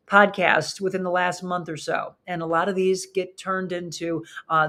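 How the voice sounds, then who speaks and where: A woman's voice: medium pitch, a bit bright. A woman hosting a live talk show, chatting with viewers and reading their comments aloud, in front of flowers. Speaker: host. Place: studio with flowers behind her.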